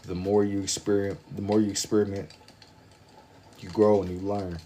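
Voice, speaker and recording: Over slight background noise, a drowsy man draws on a livestream and chatters aimlessly in a lowish, level, dark voice at normal speed. His speech drawls and meanders, slangy and repetitive.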